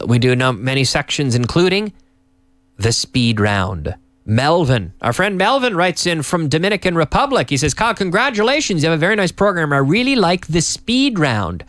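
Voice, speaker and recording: A man hosting a live lesson, upbeat and teacherly, repeating phrases slowly for learners. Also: fairly high pitch, fairly bright tone, dry recording. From Canada. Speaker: English teacher and host. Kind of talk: live-streamed English lesson.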